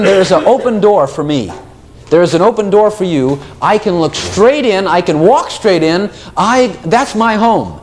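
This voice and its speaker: A man preaching a sermon, animated, swinging between loud exclamations and soft asides. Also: sits high.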